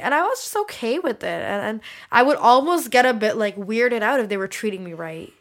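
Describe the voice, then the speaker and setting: A woman's voice: on the high side, very animated, brisk, hardly any pauses. A young adult woman, a musician guest on a podcast, talking candidly and emotionally, swearing freely and filling her speech with "like".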